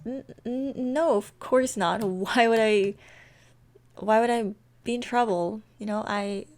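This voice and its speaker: A woman voicing a nervous, evasive young woman who stammers and rushes her words. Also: darkish tone. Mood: flustered. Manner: stammering, rushed, high-pitched.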